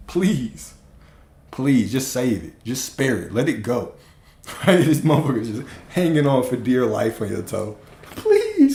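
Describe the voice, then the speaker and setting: A man chatting on a livestream, speaking in a slow, lively voice that swings up and down. He jokes and curses freely and laughs a lot. The room around him sounds echoey. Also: medium pitch. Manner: profane, joking, laughs often, slow drawl. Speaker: livestream host. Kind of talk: casual comedic livestream chat.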